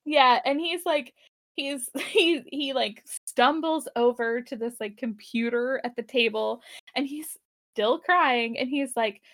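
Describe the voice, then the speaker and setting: A woman's voice: sits high, measured pace, a bit bright, no room sound, studio quality. A woman chatting casually on a podcast, recapping a TV episode in a rambling, giggly way and acting out the characters' lines. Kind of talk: casual chat.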